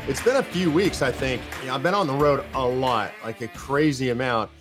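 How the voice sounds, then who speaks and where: A man's voice: medium pitch, fairly quick, music in the background. A man from the United States hosting a political podcast, emphatic and fired up, driving his points home in runs of repeated phrases. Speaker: podcast host.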